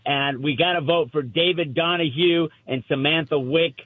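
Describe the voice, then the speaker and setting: A man calling in to a talk radio show, talking in a hurried, eager way. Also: fairly high pitch, no echo. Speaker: caller. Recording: tinny phone line.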